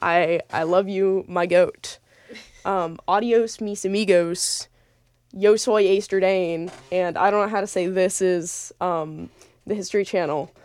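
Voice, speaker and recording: A woman's voice: fairly low pitch, fairly even intonation, a little slow, a little mellow, smooth, no echo. A young woman hosting a late-night radio show, chatting casually and rambling with lots of fillers and restarts. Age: young adult.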